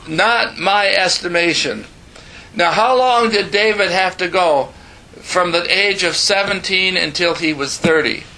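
A man's voice: high voice, measured pace, bright, forceful tone, poor audio. A man in his seventies preaching a sermon, telling his own story earnestly with emphatic asides and bantering with the audience. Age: 70s. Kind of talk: sermon testimony.

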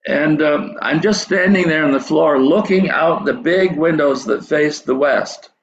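Older man preaching, gravelly, echoey. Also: fairly high pitch, measured pace, slight background noise. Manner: rambling, repeats and restarts phrases. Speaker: preacher telling a dream testimony. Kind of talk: sermon storytelling. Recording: dull echoey hall recording.

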